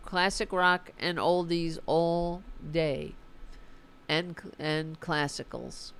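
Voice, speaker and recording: Low-voiced, slow-talking woman livestream host. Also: smooth. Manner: informal and profane, fired-up about politics. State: tired. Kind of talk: casual livestream sign-off, reading chat.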